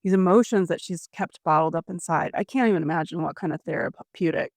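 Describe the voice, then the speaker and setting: A woman's voice: lowish voice, fast, vocal fry, darkish tone, no room sound. A woman co-hosting a podcast, chatting and recapping a story with sympathy. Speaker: podcast co-host. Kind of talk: casual chat.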